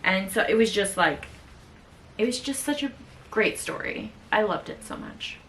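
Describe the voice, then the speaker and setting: A woman's voice: medium pitch, expressive, moderate pace, a bit bright, far from the mic, a little hiss or hum. Young woman co-host, casual book chat: gushing and repetitive, recorded slightly off-mic. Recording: voice sitting off-mic.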